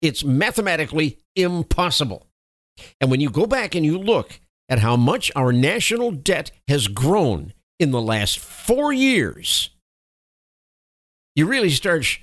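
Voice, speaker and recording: A man's voice: a little high, fairly bright tone, no room sound, studio quality. A man from the United States delivering an opinionated news commentary monologue, reading reports and adding emphatic asides. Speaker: political commentator.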